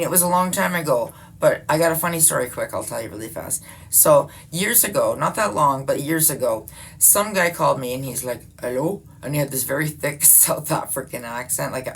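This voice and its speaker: Gravelly low-voiced woman in her 50s, chatty and swears a lot, bit of hiss behind. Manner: chatty, swears freely, laughs often. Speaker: vlogger. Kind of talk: casual rambling chat.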